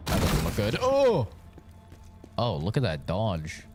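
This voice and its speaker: A man's voice: low-pitched, animated, normal speed. A man streaming a game live, chatting casually and trading crude jokes. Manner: crude joking banter. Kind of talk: casual live-stream chat while playing. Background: game music.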